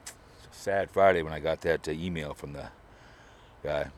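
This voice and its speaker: A man's voice: a bass voice, moderate pace, slight background noise. A middle-aged man rambling through a sarcastic mock eulogy on his video channel, at times putting on strained fake sobbing. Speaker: online video creator. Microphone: camera or phone mic, mic falls over.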